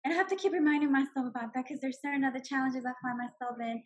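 A woman in her forties telling her personal story with animated emotion, laughing often. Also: high voice, rapid-fire, slightly rough. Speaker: guest sharing her story. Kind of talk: personal testimony.

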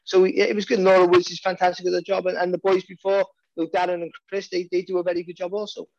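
A man's voice: sits high, little pitch movement, quick pace, gravelly, darkish tone, no echo, dull audio. A man with a Welsh accent, a boxing commentator chatting casually and restarting his sentences often. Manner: rambling, many restarts and repeated words. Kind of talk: casual podcast chat.

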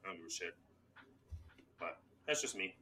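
A man's voice: low-pitched, animated, normal speed, bright, forceful tone. A hungover man co-hosting a podcast, laughing and swearing as he tells rowdy stories in casual chat. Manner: laughing, swearing, boisterous storyteller. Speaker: podcast co-host.

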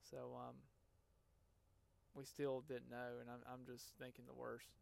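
Earnest man with a gravelly, smooth voice. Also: mid-range voice, completely flat delivery. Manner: earnest, emotional, halting with restarts. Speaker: podcast host. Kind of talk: personal story, casual monologue.

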